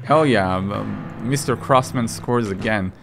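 A man's voice: on the low side, measured pace, gravelly, background noise. A man doing let's play commentary, joking and reading in-game lines aloud with sudden outbursts. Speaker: gaming commentator.

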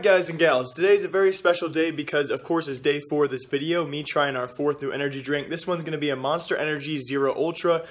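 A man's voice: fairly high pitch, a bit bright. A young man vlogging casually to camera, upbeat and chatty, talking to his viewers as guys. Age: young adult. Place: at home, in a stairwell, at a gym.

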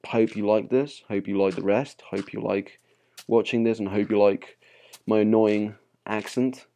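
A man's voice: lowish voice, fairly even intonation, a little slow, creaky, dark tone. A young man with a Spanish accent, chatting casually with many fillers while playing a game on his channel. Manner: rambling and chatty, with many fillers and small laughs. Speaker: gaming channel host. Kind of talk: casual gameplay commentary.

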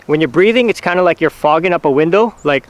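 Smooth-voiced man giving patient how-to tips. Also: fairly high pitch, no room sound. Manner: relaxed, patient, talks in short halting phrases with fillers. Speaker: hunting channel host teaching turkey calls. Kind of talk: casual how-to instruction.

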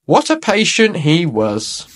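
A man reading a children's picture book aloud, his fairly high voice bouncing through lively rises and falls. The delivery is expressive and warm-hearted in pace, made for young listeners. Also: takes it slowly. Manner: animated, expressive. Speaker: storyteller.

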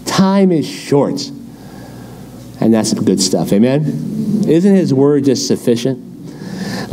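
Middle-aged male pastor, Californian accent, lively preaching voice, mellow tone, faint noise behind. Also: on the high side. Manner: animated, exhorting, folksy asides. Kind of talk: sermon.

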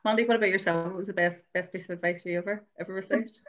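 Woman, panel chair, rapid chatty talk, dull lo-fi audio. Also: medium pitch, fairly even intonation, fairly bright tone. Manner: chatty, quick, anecdotal.

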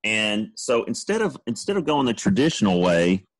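A man, co-hosting a podcast and telling a long funny story, now and then mimicking friends in high voices. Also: very animated, normal speed. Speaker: podcast co-host. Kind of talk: casual storytelling.

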